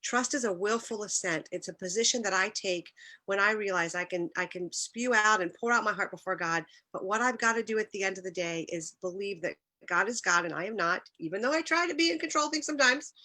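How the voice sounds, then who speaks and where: A middle-aged woman speaks with a bright, forward tone in an earnest devotional talk. Her delivery is personal and heartfelt, sometimes emotional, with small restarts as she tells her stories. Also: medium pitch, a little fast.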